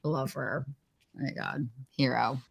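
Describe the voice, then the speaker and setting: A woman chatting on a live stream as a guest, telling rambling, animated stories from her time as a contestant. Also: very deep voice, takes it slowly, creaky, husky. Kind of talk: casual chat on a live stream.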